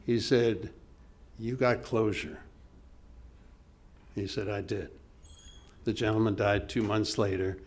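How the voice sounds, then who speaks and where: A man's voice: fairly low pitch, steady tone. An older man giving a motivational keynote, speaking earnestly in a conversational storytelling manner. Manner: earnest, conversational, acts out quoted dialogue with dropped voice and pauses. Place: conference hall stage.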